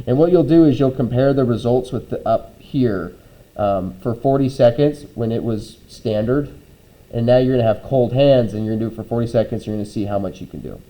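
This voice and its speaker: A man's voice: medium pitch, a little fast, dark tone, rough recording. A man teaching a class, walking students through a hands-on lab in a conversational way, often checking in with "okay?" between steps. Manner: conversational, frequent "okay?" check-ins and "um" fillers.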